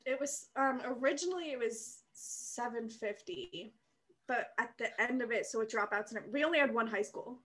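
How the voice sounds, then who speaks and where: Animated high-voiced young woman storyteller. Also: normal speed. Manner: animated storyteller, laughs often, acts out quotes. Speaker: podcast co-host. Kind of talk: casual chat.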